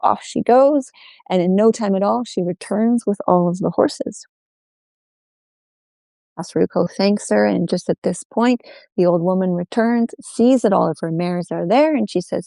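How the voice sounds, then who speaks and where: A woman telling a folk tale aloud, unhurried, repeating phrases in an oral style. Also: mid-range voice, vocal fry, mellow, no room sound. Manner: unhurried, with many repetitions. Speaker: storyteller.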